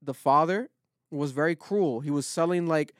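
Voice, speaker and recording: A man's voice: a little high, normal speed, dry recording, clean studio sound. A man hosting a podcast in casual chat, recapping things loosely and swearing freely. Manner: profane, loose retelling. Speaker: podcast host.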